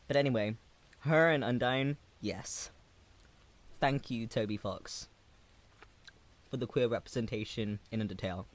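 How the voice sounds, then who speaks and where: A man in his twenties with a medium-pitched voice, livestreaming and reading his chat aloud. He sounds gentle and affectionate, pausing hesitantly as he goes.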